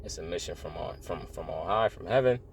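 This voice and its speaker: Deep-voiced man in an earnest rambling talk. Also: brisk, creaky, a little hiss or hum. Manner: earnest, rambling, repeats phrases, says "bro" often. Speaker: religious vlogger. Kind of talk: casual spiritual monologue.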